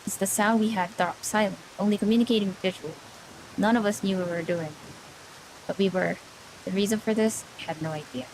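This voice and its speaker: A woman's voice: medium pitch, fairly even intonation, brisk, background noise. A woman streamer reading a visual novel aloud on a livestream, breaking off into nervous, easily spooked chatter with her chat.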